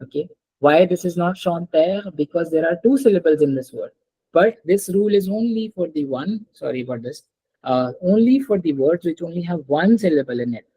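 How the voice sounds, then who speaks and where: A woman's voice: low-pitched, animated, a little fast, dark tone, husky, dry recording, low-quality recording. Patient female French tutor on a call. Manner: patient, repeats and checks with students. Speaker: French teacher. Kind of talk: online class teaching.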